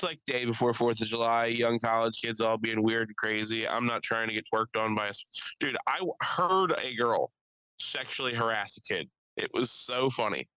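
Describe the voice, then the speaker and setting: Bright-voiced rambling man telling stories. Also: mid-range voice, normal speed, clear, resonant tone, dry recording, poor audio. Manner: rambling, profane, laughs often. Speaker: podcast co-host. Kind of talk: casual storytelling chat.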